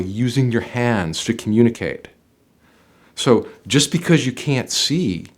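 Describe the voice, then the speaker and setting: A man talking as a job interview coach, giving advice to camera in an emphatic way, with sudden loud stresses and quiet drops, often repeating phrases. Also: fairly low pitch. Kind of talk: direct-to-camera advice talk.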